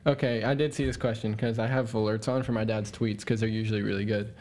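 A man's voice: fairly low pitch, fairly even intonation, quick pace, a little mellow, slight background noise. A young man co-hosting a casual podcast, explaining his views in a confident, slangy way. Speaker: podcast co-host. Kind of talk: casual chat.

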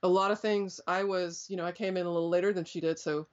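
A middle-aged woman, appearing as an interview guest, looks back on her past in a rambling way, full of fillers and restarts. Her voice is fairly low and steady, and she talks fast. The recording has a dull, lo-fi quality.

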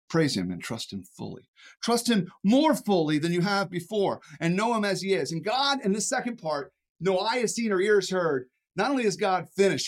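A preacher giving a sermon in an animated way, often chuckling and stumbling into quick restarts and repeated words. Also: mid-range voice.

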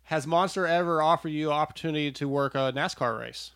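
A man's voice: fairly high pitch, fairly quick, fairly bright tone, no echo, clean studio sound. A man hosting a casual interview, chatty and prone to stammering restarts. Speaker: podcast host. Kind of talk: casual interview over a call.

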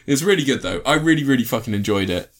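Talking fast in a mid-pitched voice, a man recounts a film he liked during a loose, meandering podcast chat. He curses freely and gets worked up retelling scenes.

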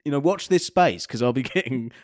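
A man's voice: medium pitch, lively intonation, brisk, darkish tone. A man co-hosting a podcast, chatting casually, cheeky and silly, often cutting in. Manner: cheeky, silly, keeps interrupting. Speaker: podcast co-host. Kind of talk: casual comedic chat.

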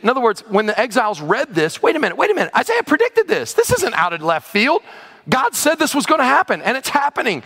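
A lively male pastor preaches in a loose, conversational way, breaking into sudden exclamations. His voice sits a little high and swings widely in pitch. A long reverb from the large church hall hangs behind him. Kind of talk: sermon.

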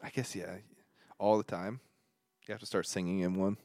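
A man's voice: deep voice, normal speed, dry recording, studio quality. A man co-hosting a casual podcast chat, easygoing and jokey. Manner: easygoing, jokey, lively intonation.

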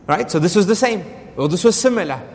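A man's voice: high-pitched, lively intonation, fast talker, big-room sound. A man giving a religious lesson as a story, asking rhetorical questions and repeating key phrases. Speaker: Islamic lecturer.

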